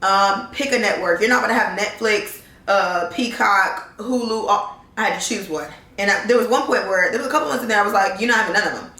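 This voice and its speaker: A woman's voice: medium pitch, fairly quick, pushed and bright. A woman in her thirties speaks in a casual, reflective vlog, circling back and restarting her sentences as she thinks aloud. She sits a little back from the mic, and her voice carries a roomy echo. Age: 30s. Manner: earnest, reflective, rambling with restarts. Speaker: vlogger. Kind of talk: casual life-update vlog. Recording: roomy sound, distant mic.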